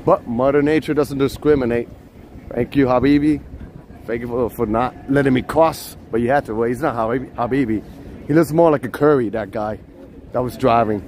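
A man's voice: mid-range voice, a little fast, darkish tone, a little hiss or hum. A man hosting a casual walking live stream, chatty and teasing his viewers, outdoors on city streets. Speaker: vlogger, live-stream host.

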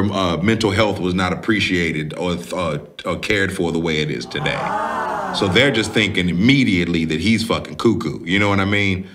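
A man hosting a podcast, recapping a film in a casual, animated and profane way, acting out the characters as he goes. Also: on the low side. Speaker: podcast host.

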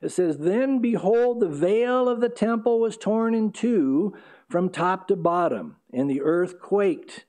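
A male pastor preaching an earnest expository sermon, pausing on fillers and correcting himself as he goes. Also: high-pitched, animated, mellow. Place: church sanctuary.

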